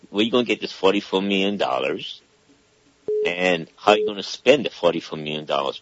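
A man's voice: deep voice, no room sound, dull audio. A man calling in to a talk radio show, explaining at length and checking in again and again with "okay?". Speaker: caller. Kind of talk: casual call-in talk.

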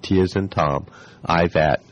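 A hoarse man with a very low voice speaks as a guest expert on a radio program. He talks in a measured way, slowing down to spell out details letter by letter. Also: rough recording. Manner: measured, spells things out slowly. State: hoarse, losing his voice. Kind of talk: radio interview.

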